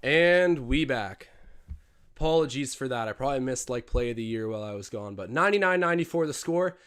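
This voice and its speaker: A young man hosting a live watch-along stream, commentating on a basketball game and getting excitable on big plays. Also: a little fast. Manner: excitable, jumps up in pitch and volume on big plays. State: out of breath. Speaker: livestream host doing game commentary.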